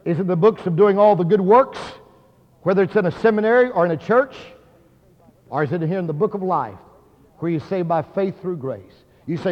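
A man's voice: high voice, normal speed. A man preaching a sermon, telling a story in an earnest, dramatic way. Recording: dull sound, hall reverb.

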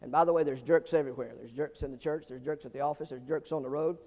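A pastor voicing God in a sermon story: blunt, plain-spoken, softer and lower than his own voice, with hall echo. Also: steady tone, quick pace, lo-fi sound, natural voice. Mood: calm, frank. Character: God, a calm, frank male voice.

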